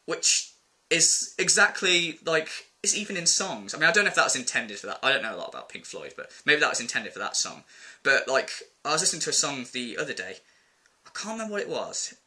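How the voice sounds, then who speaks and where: A man's voice: medium pitch, very animated, quick pace, sharp tone. A man ranting casually to camera in a vlog, exasperated and rambling, with plenty of filler words. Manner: exasperated, rambling, quotes people in put-on voices. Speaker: vlogger.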